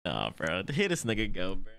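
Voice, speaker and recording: A man's voice: deep voice, normal speed, creaky, no room sound. A man hosting an anime reaction, talking in casual slang with frequent laughs and swearing. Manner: excitable, laughs often, heavy slang and swearing.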